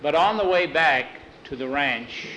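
A man telling a western tale in an unhurried, folksy way, correcting himself as he goes. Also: on the high side, lively intonation, bright, forceful tone, a little hiss or hum, rough recording. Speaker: storyteller. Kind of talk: oral storytelling.

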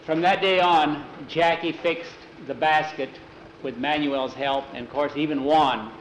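A man's voice: on the high side, fairly even intonation, a little slow, roomy sound, slight background noise, low-quality recording. A man telling a story aloud in a casual, conversational way, with many "he says" tags. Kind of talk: oral storytelling.

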